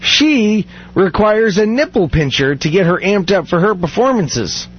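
A man hosting a casual podcast chat, laughing easily and talking in a relaxed, rambling way. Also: high voice, a little slow, slightly rough. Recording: muffled lo-fi podcast audio.

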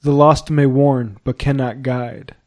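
A man's voice: fairly high pitch, moderate pace, warm tone, natural voice. A man voicing a melancholy young foreign page who pleads in a sorrowful, half-choked way.

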